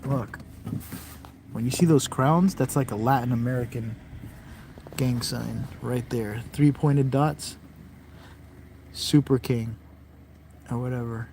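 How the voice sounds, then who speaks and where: Vlogger man, mid-range voice, talks to himself while driving, loud road noise underneath. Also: mid-range voice, slow pace, vocal fry, pauses often. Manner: chatty, jumpy, self-talking. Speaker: vlog host. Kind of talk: casual driving commentary. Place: inside a car while driving.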